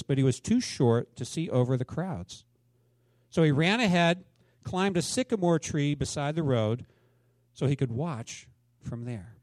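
A man in his fifties preaching a sermon, telling stories dramatically and swinging between loud exclamations and hushed asides. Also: a little high, no room sound. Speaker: pastor.

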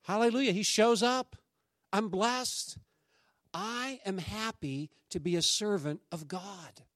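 A man preaches in a notably high voice, keeping it conversational and lively as he acts out what the people in his stories say. The sound is close and dry, with almost no room around it. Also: takes it slowly, dry recording. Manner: animated, conversational preaching with acted-out quotes. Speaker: pastor. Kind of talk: sermon.

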